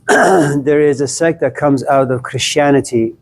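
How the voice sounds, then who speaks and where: A man's voice: a little high, slow, slightly rough. A man giving a live classroom lecture to students, playful and teasing, stacking up jokes through long repetition and calling on students by name.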